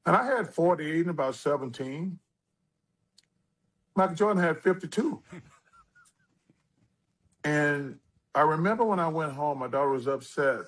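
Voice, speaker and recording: Older male guest, husky, slightly high-pitched, animated casual storyteller. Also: unhurried, long pauses. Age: 60s. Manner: animated storyteller, drawling, lively asides. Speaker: interview guest.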